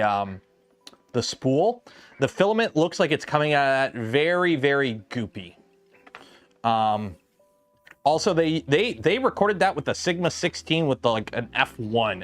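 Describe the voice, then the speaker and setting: A man hosting a casual livestream from his garage workshop, chatting loosely with lots of ums and restarts as he builds. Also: medium pitch. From lives south of Detroit. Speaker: livestream host building a 3D printer.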